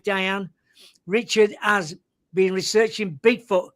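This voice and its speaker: A man's voice: high voice, fairly bright tone. A man hosting a radio show, reading a guest's introduction and then asking friendly questions.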